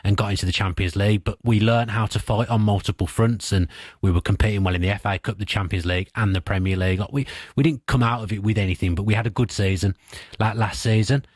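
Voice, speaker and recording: A man with a Birmingham accent giving thoughtful, animated football analysis as a pundit on sports radio, speaking into a studio mic. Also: fairly low pitch, fast, no room sound.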